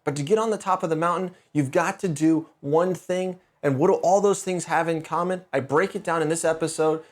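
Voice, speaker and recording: A middle-aged man hosting a podcast, telling a story in a casual, conversational way with quick restarts and lively emphasis. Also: a little high. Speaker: podcast host.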